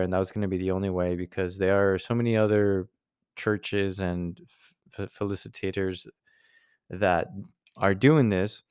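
A man's voice: low voice, a little mellow, clean tone, no echo, studio quality. A man hosting his podcast, telling a personal story in a rambling, searching way with many restarts. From United States. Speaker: podcast host. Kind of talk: casual personal monologue.

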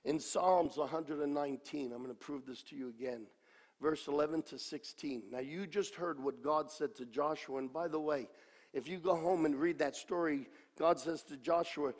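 A man in his sixties preaching a sermon, swinging between impassioned shouting and low, quiet speech with a repetitive, emphatic cadence. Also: normal speed. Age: 60s. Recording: long reverb of a large hall.

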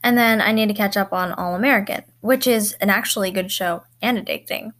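A woman's voice: medium pitch, a little fast, fairly bright tone. A young woman hosting a podcast on her own, talking casually and rambling with lots of likes and ums, often teasing herself. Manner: self-mocking. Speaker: podcast host. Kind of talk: casual solo chat.

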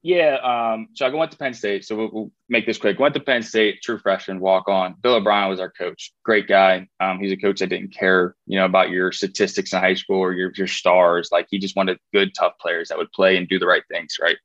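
A man's voice: sits low, little pitch movement, moderate pace, few pauses, fairly bright tone, no room sound, lo-fi sound. A man in his twenties, a former college football player, telling his story in a casual interview, rambling with fillers and restarts.

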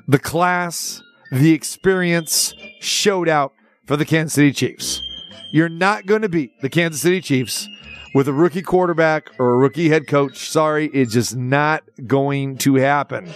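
A man hosting a sports talk show with a Southern American accent, ranting and teasing in casual banter. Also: a little high. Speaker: sports radio host.

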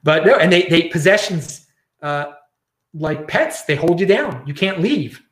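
A man's voice: a little high, lively intonation, a little slow, echoey room. A man hosting his own show, ranting in casual commentary and often repeating and restarting words. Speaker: show host.

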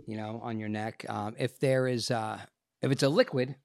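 A man, an actor and podcast guest, telling a personal story in a casual, animated and profane way, acting out the people in it. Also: mid-range voice, normal speed, creaky, no room sound, studio quality.

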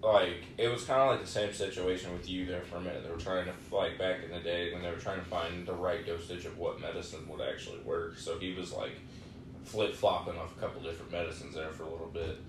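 A man's voice: sits low, fairly even intonation, quick pace, distant mic. A young man in a casual podcast chat, rambling and profane, with lots of fillers. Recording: echoey room with faint noise.

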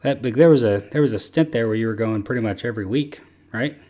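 A man's voice: medium pitch, fast talker, mellow. A man hosting a casual podcast chat, rambling and easygoing with lots of fillers. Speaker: podcast host.

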